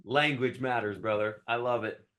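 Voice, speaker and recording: A man hosts a conversational interview at a mid-range pitch. He asks questions in a measured, encouraging way. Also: fairly even intonation, a bit bright. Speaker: podcast host.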